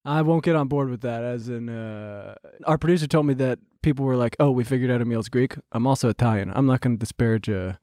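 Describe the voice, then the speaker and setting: A man's voice: medium pitch, fast, few pauses, warm tone, no echo, clean studio sound. A man from New Jersey co-hosting a podcast, easygoing and wry in casual chat. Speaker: podcast co-host.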